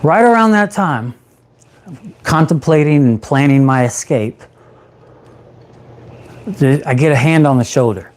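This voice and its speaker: A man in his thirties, a peer support specialist, telling his own recovery story on a livestream in an animated way, acting out what he said back then. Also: mid-range voice, takes it slowly, long pauses.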